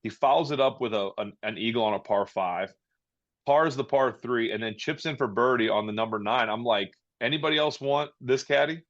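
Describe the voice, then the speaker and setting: A man's voice: lowish voice, brisk, dull audio. A man who is a guest on a podcast, chatting casually and rambling with many restarts. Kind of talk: casual interview chat.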